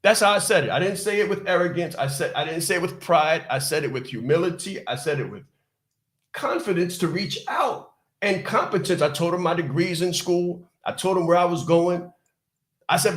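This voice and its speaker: A man's voice: high voice, lively intonation, moderate pace, echoey room. A man hosting a podcast, telling a motivational personal story in an emphatic, repetitive way and speaking straight to his listeners. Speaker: podcast host.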